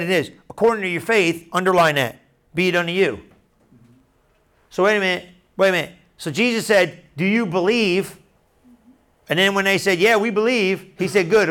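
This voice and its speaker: A man preaching a casual Bible teaching, talking straight to his listeners and acting out scenes in everyday slang. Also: high voice. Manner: animated, conversational, acts out Bible scenes in slang.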